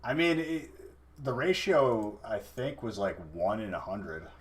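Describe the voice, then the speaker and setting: A man's voice: fairly low pitch, very animated, measured pace. A man casually chatting on a live stream while opening card packs, teasing and thanking viewers.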